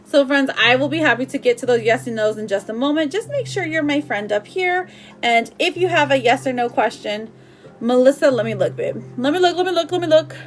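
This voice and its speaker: A woman's voice: sits high, lively intonation, brisk, faint music behind. A woman reading tarot on a live stream, chatty and affectionate, calling her viewers sweetheart and babe. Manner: chatty, with frequent "like" and laughs. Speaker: tarot reader.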